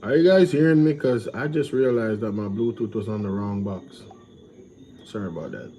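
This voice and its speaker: A man's voice: lowish voice, moderate pace, dark tone, a little hiss or hum. A man reacting to news clips in casual commentary, incredulous and ranting. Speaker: reaction channel host.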